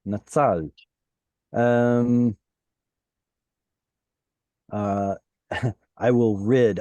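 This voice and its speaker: A male Hebrew teacher leads students through a text in an online class. He talks slowly, his pitch lifts and drops a lot, and his questions come across as patient. His voice is mellow and sounds close and dry. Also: no echo.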